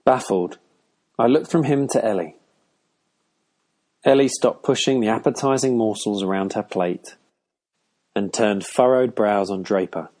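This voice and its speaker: A man narrating a first-person audiobook in a measured, dry way. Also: lowish voice, a little mellow.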